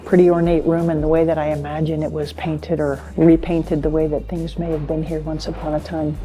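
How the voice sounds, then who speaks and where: A woman with a low, mellow voice talks through a travel vlog in an easy, chatty way, explaining sights and practical tips. Soft music plays faintly under her. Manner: chatty, informative tour guiding. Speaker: travel vlogger. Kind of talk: casual travel vlog narration.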